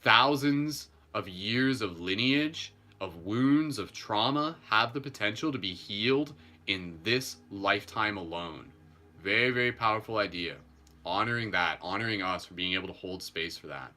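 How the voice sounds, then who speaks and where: Gentle man guiding a meditation. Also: fairly low pitch, normal speed. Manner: gentle and calm, with playful asides. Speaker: meditation host. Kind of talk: live guided meditation.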